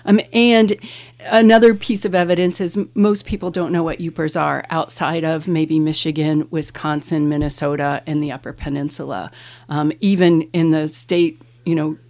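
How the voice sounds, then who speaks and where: Low gravelly-voiced woman explaining. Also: steady tone, darkish tone. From Ohio. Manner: explanatory, measured, with frequent "um"s. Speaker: English professor, guest. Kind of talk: interview answers.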